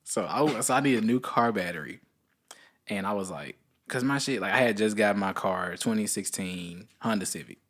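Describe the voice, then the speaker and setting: A man co-hosting a relaxed podcast chat with a slightly low voice. He tells a rambling story and acts out every quoted line, jumping into a higher voice for the people in it. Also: moderate pace. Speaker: podcast co-host.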